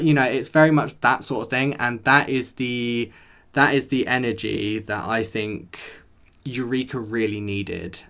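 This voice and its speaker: A man's voice: mid-range voice, a bit bright. A man reviewing a TV episode in a chatty, rambling way, talking straight to his viewers. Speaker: show reviewer. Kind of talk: casual chat to camera.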